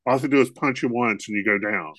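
A man's voice: mid-range voice, racing, a bit bright, no echo. Jokey, rambling man co-host. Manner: jokey, rambling, laughs often. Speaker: podcast co-host. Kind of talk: casual comedic chat.

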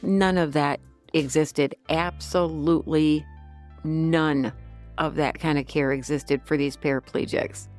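Deep-voiced woman, earnest and reflective. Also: steady tone, unhurried, darkish tone, soft background music. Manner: earnest and reflective, thinks aloud. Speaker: podcast co-host and scripture reader. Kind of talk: casual chat and Bible reading aloud.

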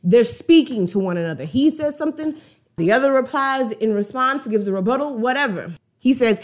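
A woman giving casual, slangy music commentary in an animated way, retelling a song's story. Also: fairly high pitch, fairly quick. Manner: animated, slangy, acts out song dialogue.

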